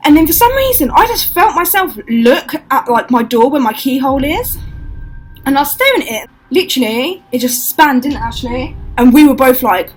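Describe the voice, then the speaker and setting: A young woman chats through a spooky storytime in a casual, swear-heavy way, acting out each quote. Her voice sits a little high and has a husky, breathy edge. Faint music plays underneath. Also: moderate pace, poor audio. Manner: swears a lot, acts out quotes, animated. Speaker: vlogger telling stories.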